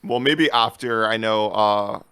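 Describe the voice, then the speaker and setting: A man with a fairly low, clean voice co-hosts a laid-back podcast. He rambles along in an animated way and breaks into laughs. The sound is close and dry. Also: measured pace, clear, resonant tone, no echo. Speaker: podcast co-host. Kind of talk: casual chat.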